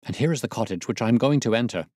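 A man's voice: medium pitch, lively intonation, rapid-fire, darkish tone, no room sound, studio quality, natural voice. A man voicing an agitated Victorian husband in an audiobook reading, urgent and raised.

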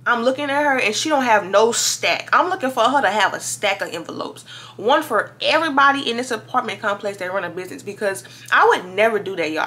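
Girl around 20 from louisiana, bright voice, chatty storytime vlog, lots of y'all. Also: medium pitch. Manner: chatty, animated, addresses viewers as y'all. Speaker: vlogger.

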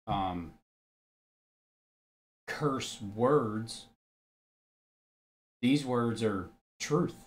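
A man giving casual religious commentary, blunt and argumentative, who swears freely and reads scripture aloud. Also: fairly low pitch.

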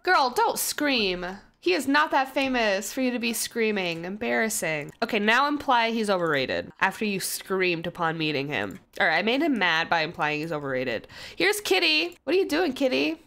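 A young woman giving casual, chatty commentary over her life-simulation gameplay, self-mocking and loudly surprised at twists. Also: mid-range voice, sing-song, normal speed, gravelly. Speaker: gaming YouTuber.

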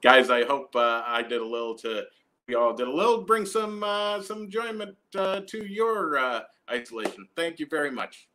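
A young man with a Canadian accent doing a stand-up set from home, telling a long story with deadpan asides and frequent tag questions. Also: fairly high pitch, normal speed. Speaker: stand-up comedian.

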